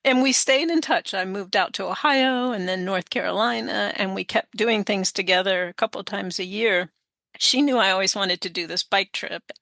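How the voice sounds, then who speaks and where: Bright-voiced woman in her sixties. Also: mid-range voice, vocal fry, no room sound, studio quality. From United States. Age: 60s. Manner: chatty, laughs often, many fillers. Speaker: guest author. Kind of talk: conversational interview.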